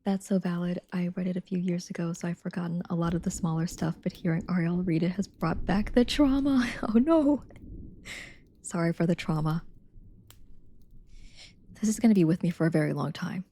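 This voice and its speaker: A woman livestreaming, chatting casually with her viewers and reading a novel aloud, soft-spoken and slipping into whispers now and then. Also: on the low side, brisk. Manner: chatty with viewers, reads steadily.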